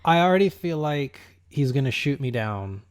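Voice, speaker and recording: A man's voice: mid-range voice, animated, normal speed, clear, resonant tone. A young man co-hosting a podcast, telling a long everyday story in casual chat and drifting into side details. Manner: rambling storyteller, going off on tangents. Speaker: podcast co-host.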